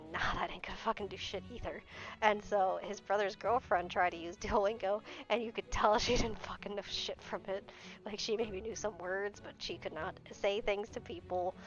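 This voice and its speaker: A woman's voice: mid-range voice, fairly even intonation, moderate pace. A young adult woman streamer in casual chat, talking bluntly and swearing freely. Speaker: game streamer. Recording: dull lo-fi stream audio with faint music.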